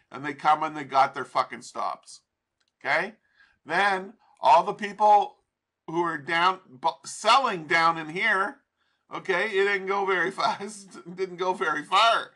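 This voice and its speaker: A man's voice: high voice, pushed and bright. A man teaching trading over a chart in a casual, profane, rambling way, laughing often. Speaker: trading instructor.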